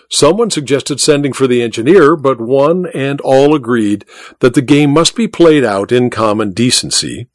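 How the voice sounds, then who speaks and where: Expressive male audiobook narrator. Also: medium pitch, no echo, clean studio sound. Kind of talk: scripted narration.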